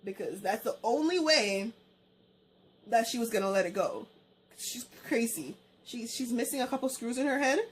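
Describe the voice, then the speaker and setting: Young woman, storytime vlog, higher voice, casual, animated, acts out dialogue. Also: moderate pace, a little hiss or hum. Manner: conversational, informal storyteller. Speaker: vlogger.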